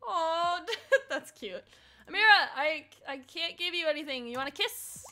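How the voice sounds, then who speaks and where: High, lively, giggly woman streamer. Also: a little slow. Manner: giggly, chatty, reacts aloud to characters. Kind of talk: casual gameplay commentary.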